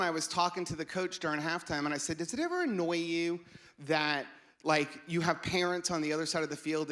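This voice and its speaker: A man in his forties gives a relaxed devotional talk with a slightly raised pitch. He tells his story in a chatty way and drops into other people's voices as he goes. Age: 40s. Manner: conversational storytelling, acts out voices. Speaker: children's pastor giving a devotion.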